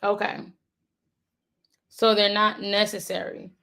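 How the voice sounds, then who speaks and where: A woman learning a language, thinking aloud and slowly repeating words to practice them. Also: medium pitch, flat delivery, sharp tone. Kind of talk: thinking aloud while studying.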